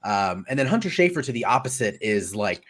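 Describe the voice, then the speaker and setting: A man's voice: lowish voice, sing-song, fairly quick, fairly bright tone. Rambling man chatting about movies. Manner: rambling, searching for words with many fillers. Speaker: podcast co-host. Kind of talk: casual movie review chat.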